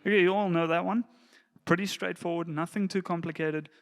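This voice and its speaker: A man giving a relaxed, plain-spoken lesson to church volunteer musicians, now and then counting beats aloud. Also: sits high, a little fast, loud music behind the voice. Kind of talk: casual instructional talk.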